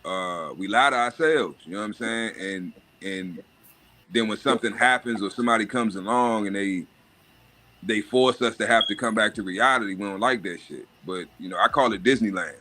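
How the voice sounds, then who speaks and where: Brief: adult man, livestream host, blunt and animated, punchy bright tone. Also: on the low side, normal speed, slight background noise. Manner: profane, animated rant with mocking put-on voices. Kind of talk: casual monologue.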